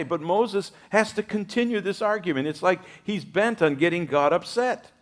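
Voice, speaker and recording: Animated male pastor preaching. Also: fairly high pitch, normal speed, few pauses. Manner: animated preaching, acting out quoted voices with humor. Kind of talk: sermon.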